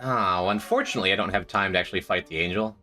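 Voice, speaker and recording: A man's voice: sits low, fast, pushed and bright. A man streaming a game, chatting with viewers in a dry, joking way. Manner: dry, joking, talks to chat. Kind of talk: casual gameplay commentary. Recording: faint music behind.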